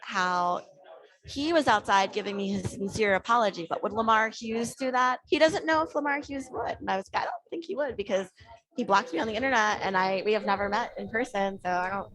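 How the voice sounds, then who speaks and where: A woman guest on a podcast tells a casual story at a fairly quick clip in a medium-pitched voice. She's animated and performs the dialogue of the people she quotes.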